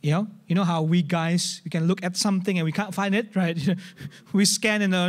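A man with an Indonesian accent preaching a sermon at a church service, conversational and animated, often restarting and acting out examples. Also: high voice, normal speed. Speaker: pastor.

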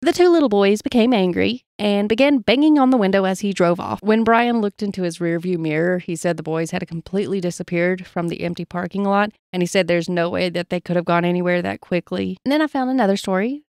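A woman's voice: mid-range voice, brisk, a little mellow, clear, resonant tone, no echo, studio quality. A woman podcast co-host reading paranormal stories from her notes in a casual chat, laughing easily and playing along with jokes.

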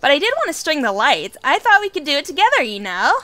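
A woman voicing a chatty, bubbly teenage girl roommate in a dating game, talking fast. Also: high-pitched, wildly swooping pitch, sharp tone, no echo, full character voice. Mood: eager.

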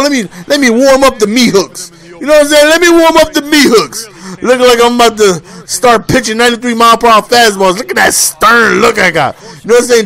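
High-voiced, joking game commentator man. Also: fairly bright tone. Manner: playful, boastful, joking; repeats phrases, frequent "you know what I'm saying". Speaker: gameplay commentator. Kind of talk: casual video game commentary.

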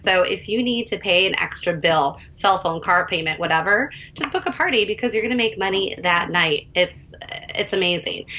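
A woman with a bright, sharp-edged voice chats eagerly as a sales consultant on a video call. She laughs easily. A faint hum of noise sits behind her. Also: lowish voice, poor audio. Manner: chatty, enthusiastic, laughs easily. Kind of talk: casual testimonial chat.

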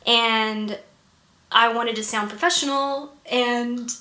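High, bright giggly young woman. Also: fairly even intonation, slow, a little hiss or hum. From Georgia, US. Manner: giggly, self-mocking storyteller. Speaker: guest actress. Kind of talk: casual interview chat. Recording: roomy, echoey room.

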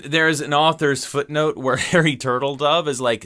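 A man's voice: a little high, steady tone, normal speed, sharp tone. A man giving a joking, sarcastic book review.

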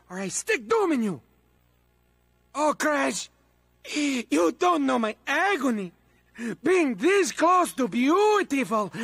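An actor voicing a manic, melodramatic male mad-scientist henchman in a video game, with a raspy, theatrical delivery that swings between wheedling and raging. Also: fairly bright tone, dry recording, full character voice. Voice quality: raspy, high-strung, theatrical. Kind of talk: video game character voice acting.

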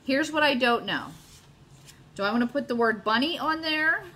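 A woman's voice: high-pitched, lively intonation, normal speed, bright, forceful tone. A middle-aged woman hosting a casual live crafting demo at home, chatting and gushing to her viewers as she works. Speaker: craft video host.

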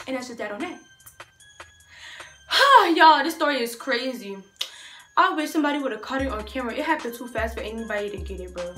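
A young woman vlogger telling a storytime tale in an animated, slangy way, talking straight to her viewers. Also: fairly high pitch, roomy sound. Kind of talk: storytime vlog.

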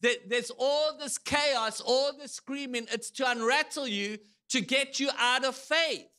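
Male pastor, high bright voice, lively sermon delivery with shouted quotes. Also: a little slow, clean tone. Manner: animated storytelling, shouts quoted lines. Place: church.

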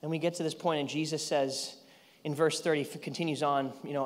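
A man in his thirties, a pastor preaching a sermon, telling a story with lively energy, sometimes yelling and laughing. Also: a little high, brisk. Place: large church hall. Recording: church hall reverb.

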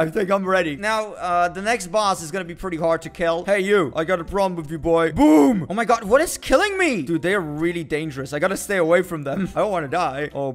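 High-voiced excitable young gaming man. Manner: energetic, boastful, swings between shouting and muttering. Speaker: gaming video host. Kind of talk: excited gameplay commentary.

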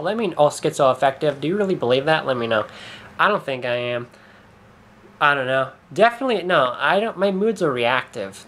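A man's voice: on the high side, fairly bright tone, a little hiss or hum. A young man talking through a rambling vlog monologue, hesitant and swearing often, trailing off and restarting his sentences. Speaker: YouTuber.

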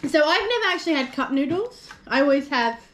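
A woman's voice: high-pitched, sing-song, quick pace. A woman hosting a casual snack tasting at a friend's home, chatting and laughing often. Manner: giggly, laughs often while talking. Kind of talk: casual chat. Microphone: camera mic.

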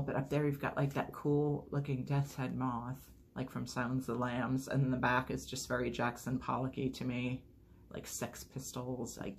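A woman's voice: very deep voice, creaky. A woman chatting casually through an unboxing video, rambling and gushing over each item. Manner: enthusiastic, gushing. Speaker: unboxing vlogger.

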